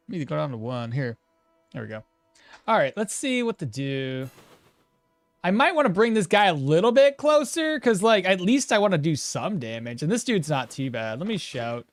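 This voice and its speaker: Chatty streamer narrating their run, pitch jumps all over, dry close mic. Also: no echo. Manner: animated, laughing, trailing off and restarting mid-sentence. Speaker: game streamer. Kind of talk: casual live gameplay commentary.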